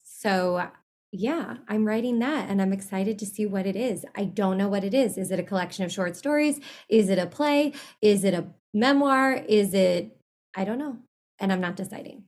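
A woman's voice: mid-range voice, normal speed, darkish tone. A woman being interviewed in a casual chat. She rambles, trails off mid-thought and laughs often. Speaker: interview guest.

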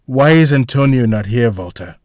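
A man's voice: medium pitch, expressive, moderate pace, darkish tone, no room sound, studio quality, lightly acted. A man voicing a wounded, suspicious woman boss who asks blunt, clipped questions.

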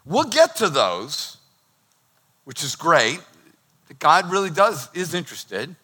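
A man preaching with a bright, forceful voice that sits a little high. He talks in a lively, conversational way and cracks jokes between points. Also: slow, breathy edge. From Boston. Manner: energetic, conversational, joking preacher. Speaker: pastor. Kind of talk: sermon.

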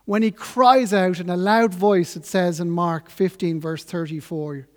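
Earnest preacher in a reverberant church. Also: male voice, high-pitched, fairly even intonation, a little mellow. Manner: earnest, measured, reflective. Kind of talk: sermon.

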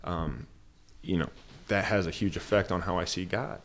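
A man's voice: sits low, steady tone, normal speed, gravelly, slight background noise. A man talking in a casual podcast conversation, telling a personal story earnestly and rambling with many fillers. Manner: earnest, rambling, heavy use of "like". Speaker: podcast guest.

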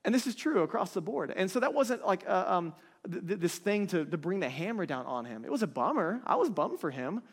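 Husky yet high and sing-song, a thirtysomething pastor preaches fairly quickly in a conversational style, often turning to his audience to check in. The sound carries the long echo of a large hall.

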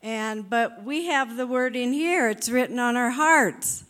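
A woman preaching conversationally, deliberate and encouraging, asking the listeners questions. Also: a little high, a bit bright. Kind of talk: conversational sermon.

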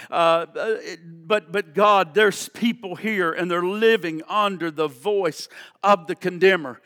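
Male preacher, very high and sharp-toned, impassioned, repeats himself, moves between loud declarations and quiet prayer, long reverb of a church. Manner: impassioned, repeats phrases, swings from shouts to hushed prayer. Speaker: pastor. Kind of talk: sermon.

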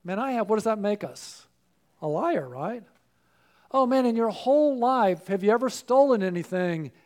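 A man's voice: sits high, lively intonation, moderate pace, darkish tone. A man preaching a sermon, earnest and personal, often putting questions to his listeners.

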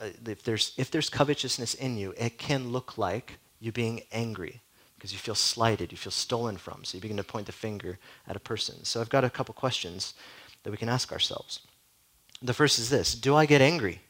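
A man's voice: mid-range voice, fairly bright tone, poor audio. A man preaching a sermon as a pastor, in a conversational way full of "like" and direct questions to the listeners.

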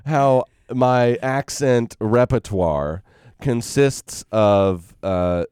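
A man's voice: medium pitch, extremely slow, darkish tone, clear, resonant tone, no room sound, clean studio sound. A man hosting a comic wine radio show with playful, hammy announcer delivery.

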